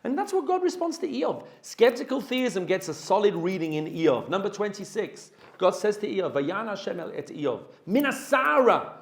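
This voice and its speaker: A man's voice: sits high, normal speed, hardly any pauses. A man, a rabbi, giving a Torah lecture, reading Hebrew verses and translating them, and asking the class questions. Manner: animated, asks the class questions. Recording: roomy echo.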